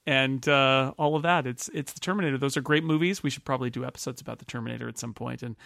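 A man's voice: mid-range voice, fast talker, gravelly, fairly bright tone, no room sound, studio quality. A man hosting a casual panel chat, joking, laughing often and calling on the others to pick. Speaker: host.

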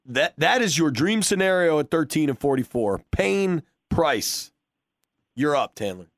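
A man's voice: fairly high pitch, big pitch swings, measured pace, no room sound, clean studio sound. A man hosting a casual sports podcast, joking and teasing his co-hosts. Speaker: podcast host.

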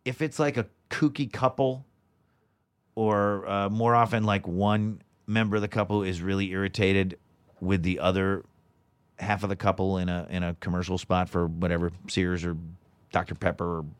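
A man in his forties chats loosely as a guest voice actor, looping through fillers and false starts. His voice sits a bit low, and his delivery is relaxed and meandering. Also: normal speed, no room sound. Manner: rambling, with many fillers and restarts. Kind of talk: casual interview chat.

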